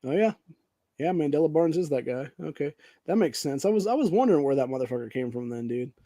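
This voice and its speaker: Casting: angry, profane male podcast host from Ohio, dark mellow tone, fairly high pitch. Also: lively intonation, fast talker, no room sound. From Ohio, USA. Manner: profane, angry, says "dude" often. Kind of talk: casual political rant.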